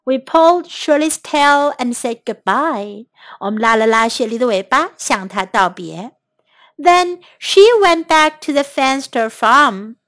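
A woman teacher reads a children's story in two languages for young listeners. Her voice is high and light, and she takes it very slowly and clearly. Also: animated, a bit bright, dry recording, clean studio sound. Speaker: English teacher.

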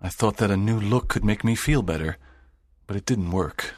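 An actor playing a sad, lonely, strict middle-aged teacher in an audiobook drama, speaking in a grave, measured way. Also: male voice, lowish voice, a little mellow, no room sound, clean studio sound, close to an everyday voice. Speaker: narrator's teacher.

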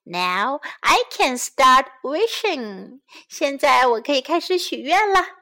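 A woman voicing an eager little female mouse in a storybook reading, her lines high and cried out with excitement. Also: slow pace, exaggerated voice.

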